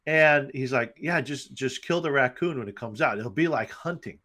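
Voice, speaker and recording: A man co-hosting a casual movie review podcast, crudely joking and retelling scenes with quick impressions. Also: medium pitch, pushed and bright. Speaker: podcast co-host.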